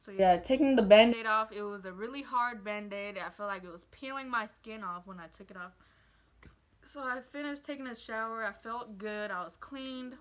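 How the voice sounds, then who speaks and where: A woman's voice: a little high, moderate pace. A young woman, a new mother, telling a casual, heartfelt story time to her viewers and rambling with lots of fillers. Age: young adult.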